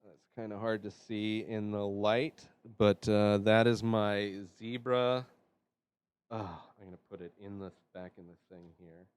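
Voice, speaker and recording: A man hosting his own vlog, nervous and rambling with many fillers, swinging between quiet mutters and loud outbursts. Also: lowish voice, steady tone, unhurried, clear, resonant tone. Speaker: show host. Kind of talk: casual solo vlog.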